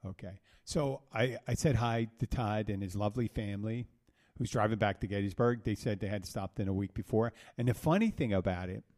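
A man's voice: lowish voice, a little fast, darkish tone. A man hosting a solo podcast, telling a rambling story that restarts and corrects itself as he talks. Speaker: podcast host, bartender. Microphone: soundboard mic.

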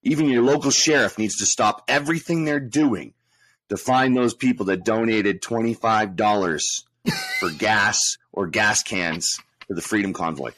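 A man with a fairly low voice chats casually, with a wry, sarcastic bent to his jokes. The sound is dry and close to the mic. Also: unhurried, fairly bright tone, no room sound, rough recording. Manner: wry, sarcastic, drily joking. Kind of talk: casual chat.

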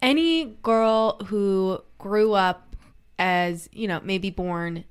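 A woman's voice: mid-range voice, extremely slow, clear, resonant tone. A woman with a mild Southern US accent, chatting casually as a podcast co-host and laughing often. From American South. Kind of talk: casual chat.

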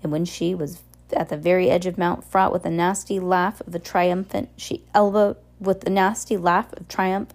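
A woman reads a novel aloud in a plain, unhurried way. Her voice is fairly low, with a mellow, dark tone. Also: fairly even intonation. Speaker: reader.

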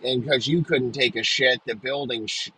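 A man's voice: mid-range voice, steady tone, normal speed, bright, forceful tone, slightly rough, low-quality recording. A young man ranting in a profane comedic monologue, riffing crudely with frequent restarts.

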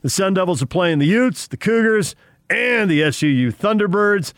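A man's voice: high-pitched, dry recording, clean studio sound. A man co-hosting a morning sports radio show, who reads out listener messages and promotes upcoming segments in a joking, bantering way. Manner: lively, joking, quick banter.

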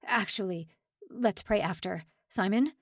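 A woman voicing a calm, pious old male prisoner who leads a secret wedding. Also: medium pitch, measured pace, no room sound, clean studio sound. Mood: solemn.

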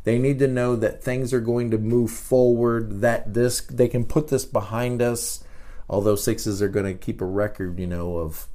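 A middle-aged man hosting a podcast, giving a casual talk as a teacher, animated and often repeating words. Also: mid-range voice, normal speed. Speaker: podcast host.

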